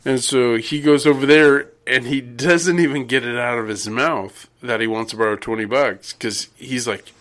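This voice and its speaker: A man's voice: mid-range voice, steady tone, normal speed, hardly any pauses, fairly bright tone. A man telling stories in casual chat, wry and dry-humored, acting out the people he quotes. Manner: wry, storytelling with quoted voices.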